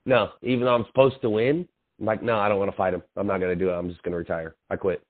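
Rattling along at a rapid-fire pace, the young podcast co-host keeps his low-ish voice steady while spinning a long, profane story. It's casual chat packed with fillers and acted-out quotes, heard through tinny, phone-like sound.

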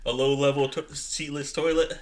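A man's voice: fairly high pitch, moderate pace, a crowd in the background. A man co-hosting a podcast who jokes crudely in casual chat. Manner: animated, crude joker. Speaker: podcast co-host.

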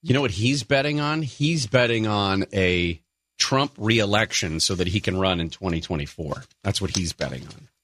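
Bright-voiced man bantering on talk radio. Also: lowish voice, moderate pace, no room sound, clean studio sound. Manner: sarcastic, animated storytelling. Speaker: radio show co-host. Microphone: studio microphone.

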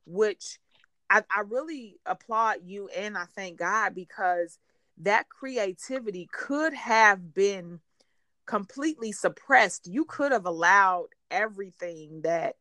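Woman, faith talk host, encouraging, halting restarts, dry sound. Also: medium pitch, no room sound. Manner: warm encouraging, many restarts and laughs. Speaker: podcast host. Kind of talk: faith-based interview chat.

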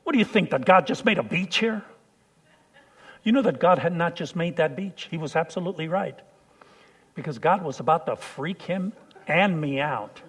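A man preaching a sermon, telling a personal story and swinging from hushed lines to loud shouts. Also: a little high, animated, moderate pace, breathy edge.

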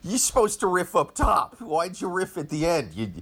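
Animated comedian man riffing. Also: moderate pace, slightly rough. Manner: animated, shifts pitch a lot. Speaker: comedian, podcast co-host. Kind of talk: casual political chat.

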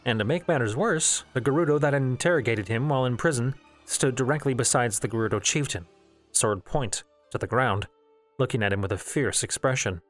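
Man reading a story over soft music. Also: mid-range voice, brisk. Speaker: audiobook narrator. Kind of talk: novel reading.

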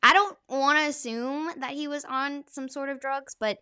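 A woman's voice: sits high, fairly even intonation, normal speed, sharp tone, no room sound, studio quality. A young woman hosting a podcast, telling a story in a casual, chatty way with plenty of "like" fillers. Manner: chatty, filler-heavy retelling with frequent "like". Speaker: podcast host.

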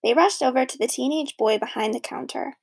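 A woman narrating a children's storybook in a lively, expressive reading. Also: high-pitched, brisk, creaky, husky. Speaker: audiobook narrator.

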